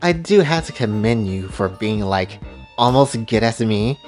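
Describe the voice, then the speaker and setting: A man's voice: lowish voice, animated, a little slow, faint music behind. A man voicing a scheming female villain who craves despair, speaking in a smug, commanding way in a casual retelling of a story.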